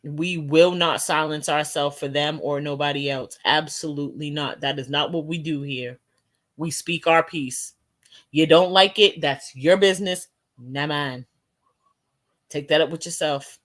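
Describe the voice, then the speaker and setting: Slow, laid-back woman streamer, low voice. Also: fairly even intonation, fairly bright tone. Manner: laid-back, slangy, laughs often. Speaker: host of a live talk stream. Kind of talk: casual live-stream chat with viewers.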